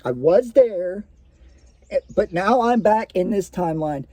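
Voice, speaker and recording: A man with a high, mellow voice recounts a personal story. He talks casually and swears freely, stopping to restart his sentences and fill the gaps with "uh" and "like.". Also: lively intonation, a little slow, no echo. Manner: casual, profane, full of fillers and restarts.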